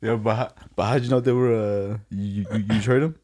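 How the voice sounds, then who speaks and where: A young man chatting casually and reacting in relaxed slang. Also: fairly low pitch, fairly quick. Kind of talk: casual chat.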